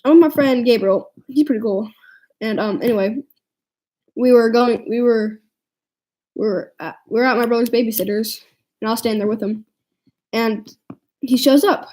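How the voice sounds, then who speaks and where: A teenage girl with a slightly high, mellow voice tells a storytime vlog. She rambles, trips over her restarts and leans on "like" as filler. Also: moderate pace, long pauses, poor audio. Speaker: vlogger.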